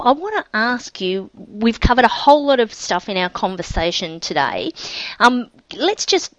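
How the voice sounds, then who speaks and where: A woman's voice: a little high, a bit bright, dry recording. Woman host, dry lo-fi recording. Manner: friendly, summarizing, "um" fillers. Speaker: podcast host. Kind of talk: interview hosting.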